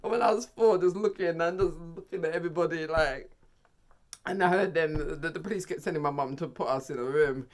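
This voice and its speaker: Storytime vlogger, british jamaican patois, animated, does all the voices, laughs a lot, middle pitch. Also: a little fast. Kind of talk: storytime vlog.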